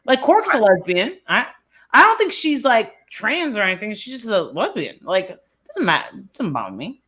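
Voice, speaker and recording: A woman's voice: mid-range voice, sing-song, normal speed, fairly bright tone. A woman on a live stream chat, talking bluntly and ranting with lots of profanity.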